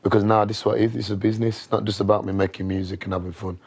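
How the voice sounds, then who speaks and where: Low-voiced man with a Birmingham accent. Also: little pitch movement, rapid-fire, vocal fry, darkish tone, slightly rough. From Birmingham, England. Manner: proud, easygoing. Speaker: rapper interviewee. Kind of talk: interview answers.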